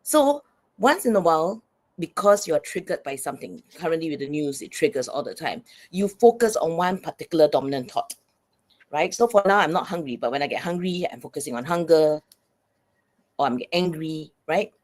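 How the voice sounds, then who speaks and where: Low-voiced woman explaining as interview guest. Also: expressive, moderate pace. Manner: earnest, often checks in with "right?". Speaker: guest psychologist and coach.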